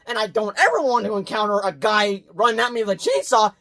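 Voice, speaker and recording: Animated, profane man reviewing movies. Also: high-pitched, a little fast, hardly any pauses. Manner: animated, dramatic swings from loud outbursts to muttered asides; blunt and profane. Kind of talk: casual movie review vlog.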